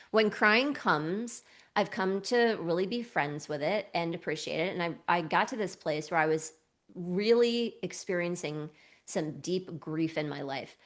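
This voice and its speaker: A woman's voice: fairly low pitch, a bit bright. A woman co-hosting a casual podcast as a somatic coach, talking with emphatic enthusiasm and frequent laughs.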